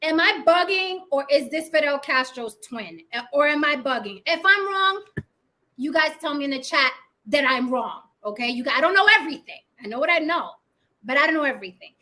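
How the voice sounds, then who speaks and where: A woman's voice: high voice, animated, brisk, sharp tone. A woman actress hosting her own video channel, talking bluntly to camera, swearing freely and checking in with her viewers with "right?". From Puerto Rico. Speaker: vlog host and actress. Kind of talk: casual opinion monologue to camera.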